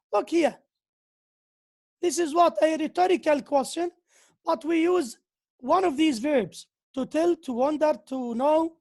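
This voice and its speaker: A woman gives an English grammar lecture in a high voice. She talks slowly and deliberately, repeating key phrases and pausing now and then to find her words. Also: vocal fry, a little mellow. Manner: slow, repeats key phrases, occasional hesitations.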